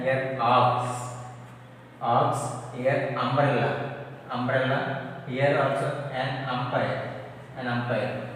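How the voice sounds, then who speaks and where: A man teaches a classroom grammar lesson, speaking very slowly and repeating each letter and example. His voice is heard from a distance in a hall with heavy echo and a faint hiss underneath. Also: medium pitch, a bit bright. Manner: slow, repetitive, drills letters aloud. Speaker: English teacher. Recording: echoey hall from far off, faint noise.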